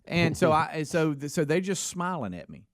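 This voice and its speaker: A man with a Southern accent, co-hosting a radio show and telling a lively story while acting out the dialogue. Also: on the high side, normal speed, no echo, clean studio sound. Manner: animated storyteller, acts out dialogue. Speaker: radio co-host. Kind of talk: casual morning-show storytelling. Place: radio studio.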